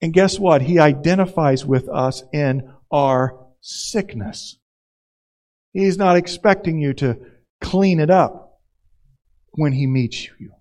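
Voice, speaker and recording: A male pastor gives a conversational sermon with a fairly high voice. He acts out the scenes he tells as he goes. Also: slow, darkish tone.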